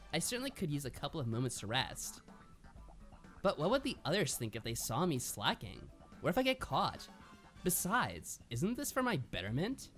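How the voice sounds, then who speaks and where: A man's voice: fairly high pitch, a bit bright. A man reading a visual novel aloud on a live stream and chatting with his co-host, laughing often. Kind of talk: live read-through narration and chat.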